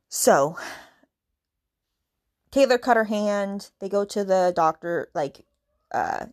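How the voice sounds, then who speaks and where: Woman podcast host ranting about a book, talky and animated, dry close sound. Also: medium pitch, no room sound. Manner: animated, retells scenes with quoted voices; frequent "like" fillers, exasperated asides. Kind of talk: casual book review chat.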